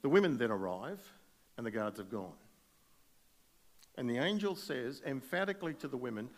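A male pastor preaching a sermon, retelling a scripture story with animated, speculative asides. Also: medium pitch, brisk, creaky.

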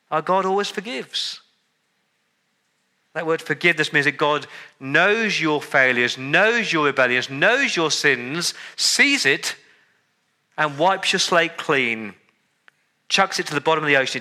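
Man preaching with a very bright tone. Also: fairly high pitch. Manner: emphatic, repeats words and lists for effect. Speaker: pastor. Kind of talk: sermon.

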